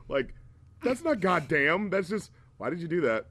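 A man with a somewhat high voice rants through a rap album review, profane and mocking. The sound is close and dry, with no room around it. He talks in a loose, casual podcast chat. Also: moderate pace, no echo. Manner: profane, mocking, animated ranting.

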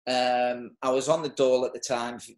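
A man in his forties with a Teesside accent, telling a personal story as an interview guest in a halting, emotional way with many restarts. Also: mid-range voice, level tone, reverberant. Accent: Teesside English. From North East England. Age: 40s.

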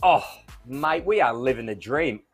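A man's voice: mid-range voice, lively intonation, unhurried, slightly rough, faint music behind. A man hosting an online show in a playful, theatrical, jokey way. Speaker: host.

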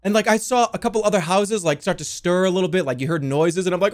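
A young man telling a wild story to his stream in a casual, animated way, swearing freely. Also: high voice, quick pace, few pauses. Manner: animated, swears a lot, yells in the quoted bits.

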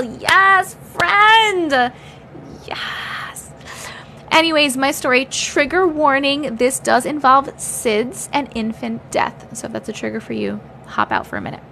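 A woman with a slightly high voice hosts a livestream, reading viewers' stories aloud and reacting between lines. She is chatty and blunt as she teases her viewers. A faint noise sits behind her. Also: a bit bright. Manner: reads aloud with feeling, pausing to react.

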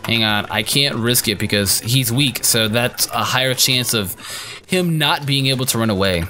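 A young man commenting on his own game playthrough, excitable, crude and joking. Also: medium pitch, normal speed, soft background music. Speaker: gaming YouTuber. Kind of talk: let's play commentary.

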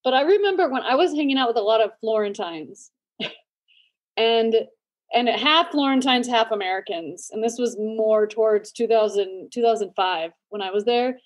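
Chatty higher-pitched woman host. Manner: lively storyteller, laughs often, quick asides. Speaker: podcast host. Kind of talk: casual chat.

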